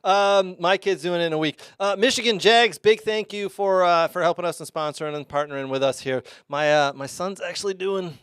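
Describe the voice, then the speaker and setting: A man's voice: high-pitched, fairly quick, hardly any pauses, fairly bright tone, smooth, no room sound, studio quality. A middle-aged man hosting a casual sports show, rambling through sponsor reads with plenty of uh and um. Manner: chatty, rambling, lots of uh and um fillers. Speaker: podcast host.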